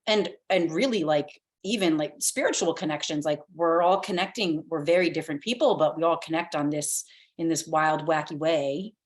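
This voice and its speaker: A woman's voice: deep voice, moderate pace. A young woman chatting casually as a podcast guest, often saying "like" and acting out her own thoughts.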